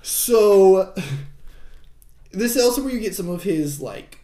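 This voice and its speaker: Animated man recapping a movie, echoey room. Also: high voice, slow pace. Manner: animated retelling, acts out character lines. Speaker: podcast co-host recapping a film. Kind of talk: casual chat.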